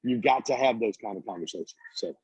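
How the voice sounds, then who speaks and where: A man giving an energetic, preachy motivational talk on a video call, casual and blunt as he tells stories. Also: lowish voice, fast, slightly rough, no room sound. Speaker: guest speaker, business coach. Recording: dull lo-fi call audio.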